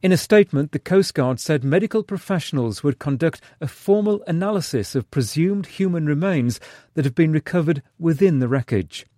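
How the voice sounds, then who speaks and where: A male correspondent filing a news report in a steady, serious tone. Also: fairly high pitch, normal speed, dry recording, clean studio sound.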